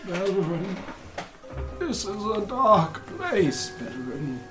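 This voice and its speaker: A man's voice: high-pitched, big pitch swings, over music, voice pushed up, heavily acted. A man voicing an eerie talking talisman. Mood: ominous. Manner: slow, drawn-out, ominous.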